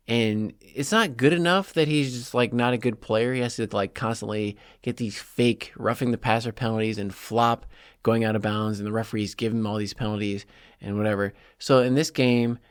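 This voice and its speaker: A man's voice: medium pitch, no echo, studio quality. A man hosting a solo sports podcast, talking in an opinionated, heated and sarcastic way with lots of "like" fillers. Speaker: podcast host.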